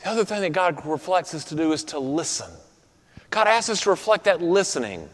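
Pastor, male, high voice, earnest sermon, trailing off soft for emphasis, long church reverb. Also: very animated, a little fast. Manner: earnest, drops to soft quiet endings for emphasis. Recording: reverberant hall.

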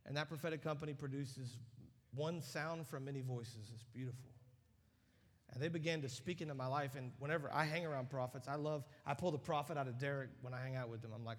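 A man preaching a sermon in a large church auditorium, animated and emphatic, building to loud peaks. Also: mid-range voice, a little fast. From United States. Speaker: guest preacher. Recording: long reverb of a large hall.

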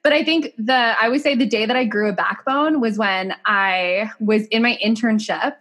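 A bubbly young woman chatting casually as a podcast guest, animated and swearing freely. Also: a little high, normal speed.

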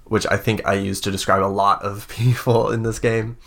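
A man's voice: fairly low pitch, level tone, normal speed, vocal fry, a bit bright. A man narrating as game master, hesitant with many fillers, voicing side characters as he describes the scene.

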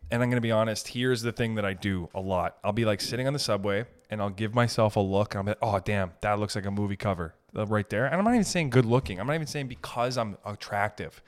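A man's voice: lowish voice, fast, few pauses. Rambling, profane young male podcast host. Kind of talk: solo comedic podcast monologue.

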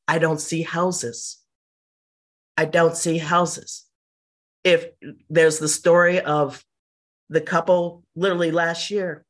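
A middle-aged woman, an interview guest, telling personal stories in a lively, casual way and acting out what people said. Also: on the low side. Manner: animated, mimics people in quotes.

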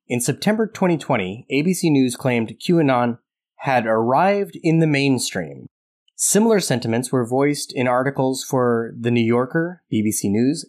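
Podcast cohost, lively up and down voice, jokey, reads bits of an article. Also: mid-range voice. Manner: animated, joking asides, reads article excerpts. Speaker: podcast co-host. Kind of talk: casual podcast discussion.

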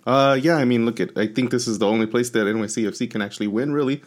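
A man on a casual sports prediction podcast, talking in a halting, hedging way with many restarts. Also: medium pitch. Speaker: panelist.

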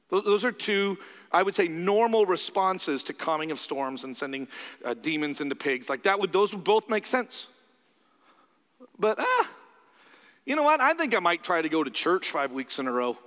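A man's voice: sits high, sing-song, moderate pace, fairly bright tone, long reverb tail. A man preaching a sermon in a loose, conversational way, acting out the voices he quotes.

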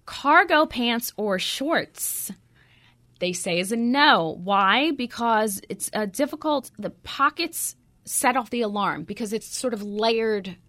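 A woman's voice: fairly high pitch, expressive, slow, sharp tone. A middle-aged woman hosting a radio show, chatting casually and telling stories with lots of fillers. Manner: chatty, anecdotal, frequent fillers. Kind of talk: casual chat.

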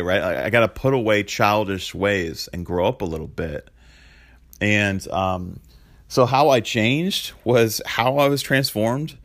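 Male pastor, 30s, lower pitch; conversational, confessional sermon delivery. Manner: conversational and confessional, lots of fillers like "like" and "man".

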